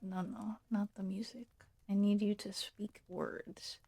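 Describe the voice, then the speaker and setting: A woman streaming from a quiet room at home, rambling and testing her own whisper out loud on a desk mic. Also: mid-range voice, little pitch movement, unhurried, husky.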